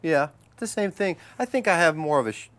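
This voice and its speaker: Man telling animated stories. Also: on the high side, a little fast, no room sound. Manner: animated storyteller, slips into voices. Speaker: actor guest. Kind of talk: interview anecdote telling.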